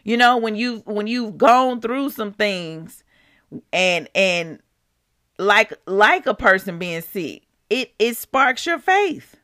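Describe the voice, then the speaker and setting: A woman's voice: medium pitch, animated, slow, no room sound, studio quality. A woman hosting a devotional podcast, speaking informally and preacherly, repeating phrases for emphasis. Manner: grows emotional, shifts between soft and raised. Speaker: podcast host.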